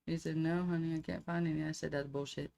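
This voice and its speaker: A woman's voice: low-pitched, monotone, fast, creaky, warm tone. A woman co-hosting a casual livestream chat, swearing freely and laughing often. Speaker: podcast co-host.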